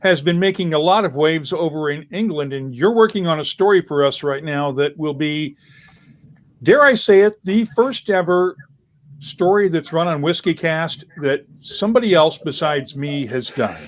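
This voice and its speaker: A man's voice: a little high, animated, moderate pace. Chatty man hosting a webcast. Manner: chatty, joking, reads viewer comments aloud. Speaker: host. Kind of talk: casual webcast chat. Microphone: video call.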